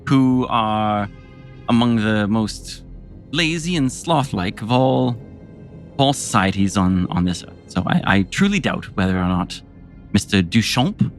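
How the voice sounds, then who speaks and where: Man doing a snooty british gent, put-on british accent, pompous, pitch swinging up and down, faint music behind. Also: lively intonation, measured pace. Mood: haughty. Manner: haughty, pompous, snippy. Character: arrogant British gentleman, older male.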